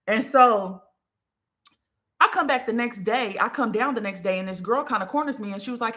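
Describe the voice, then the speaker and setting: A woman hosting a podcast, telling a personal story in a candid, profane, animated way. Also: a little high, normal speed. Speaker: podcast host. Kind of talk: casual storytelling monologue.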